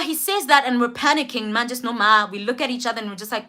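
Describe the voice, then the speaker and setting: A young woman with a South African accent who tells a personal story in a casual vlog, switching between English and Zulu in an animated, slangy way. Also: a little high, fast. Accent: South African, mixing in Zulu. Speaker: vlogger.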